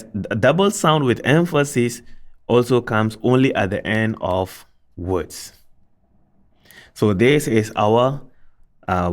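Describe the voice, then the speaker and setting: A man gives a recorded Arabic alphabet lesson at an unhurried, deliberate pace. His voice sits fairly low, and he patiently repeats each sound for learners while asking them questions as he goes. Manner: asks rhetorical questions of students. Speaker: Arabic teacher.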